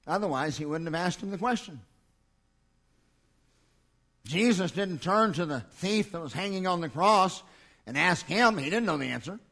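A man preaching a sermon in a church with an impassioned, repeating cadence, swinging from loud declarations to hushed lines. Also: high voice.

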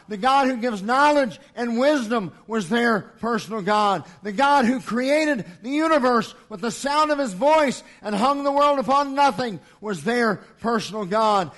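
A man preaching a sermon in a church with an impassioned, repeating cadence, swinging from loud declarations to hushed lines. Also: extremely high pitch.

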